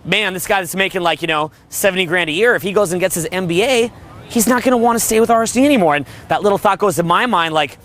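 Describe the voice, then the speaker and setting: A man's voice: sits high, fast, a bit bright, slight background noise. A man coaching on dating in a brash, crude monologue, riffing and mimicking other people. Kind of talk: motivational monologue.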